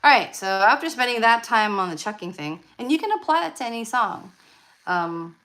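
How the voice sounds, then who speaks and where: A woman's voice: a little high, sing-song, moderate pace, a bit bright, poor audio. A woman leading a live-streamed ukulele lesson, chatty with fillers and restarts, often counting beats aloud. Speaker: ukulele club leader. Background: ukulele playing.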